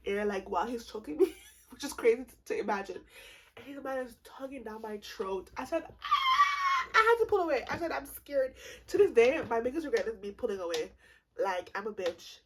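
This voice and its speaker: A woman in her twenties telling a comedic storytime vlog, animated and profane, acting out both sides of the conversation. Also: a little high, slight background noise. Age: 20s. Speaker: vlogger.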